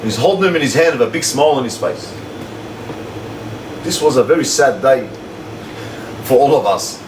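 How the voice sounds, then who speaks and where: A man's voice: mid-range voice, normal speed. A man, telling a story to his livestream viewers in casual, slangy chat. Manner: animated, repetitive slangy storyteller. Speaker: livestream host. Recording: echoey room, slightly distant mic, faint hum.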